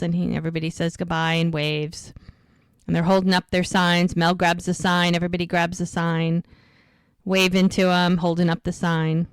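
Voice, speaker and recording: Woman podcast cohost chatting thru a recap, smooth clear voice, dry close sound. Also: lowish voice, level tone, moderate pace, no echo. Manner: chatty retelling with frequent fillers. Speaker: podcast co-host. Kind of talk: casual episode recap.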